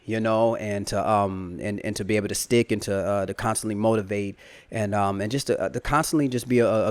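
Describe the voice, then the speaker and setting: Man, low voice, soft-spoken, halting, lots of fillers, dry close sound. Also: no room sound. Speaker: podcast co-host. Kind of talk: casual chat.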